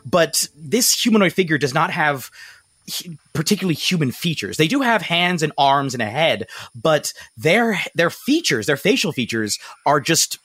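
Bright, lively game master man. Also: a little high, normal speed, husky, no echo. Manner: improvised, many fillers and restarts, laughs often. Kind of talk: narrating a tabletop game.

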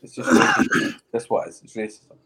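A man with a Scottish accent hosting a podcast, teasing his co-host in casual banter with quick laughs. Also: fairly bright tone. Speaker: podcast host, former footballer. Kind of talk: casual chat.

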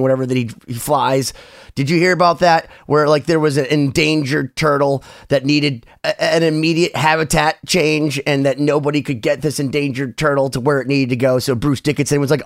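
A man from the United States hosting a casual podcast, talking in an animated, rambling, jokey way and swearing freely. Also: on the high side, vocal fry, dry recording, clean studio sound. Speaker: podcast host.

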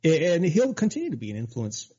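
A male radio co-host rambling through casual chat with a lively, swooping pitch and a dark, husky tone. The sound is a bit dull and lo-fi. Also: quick pace. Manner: rambling, animated, many fillers.

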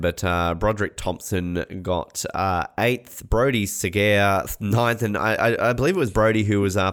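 An Australian man co-hosting a sports podcast, chatting casually and rambling with lots of fillers. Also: on the low side. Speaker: podcast co-host.

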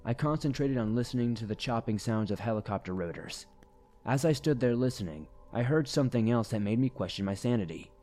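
A man narrating a first-person horror story in a steady, grave way, at a middling pitch. Faint music plays under his voice throughout. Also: brisk.

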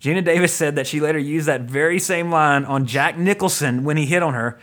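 A man's voice: a little high, moderate pace, fairly bright tone. A man hosting a podcast, chatting casually about an old film, rambling with lots of fillers and frequent chuckles. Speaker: podcast host. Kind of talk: casual film-review chat.

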